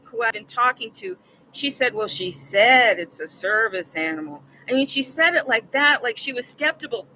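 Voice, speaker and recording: A woman's voice: on the high side, pushed and bright, a little hiss or hum, poor audio. An older woman vlogging, telling a personal story in an earnest, rambling way that repeats words when she gets upset.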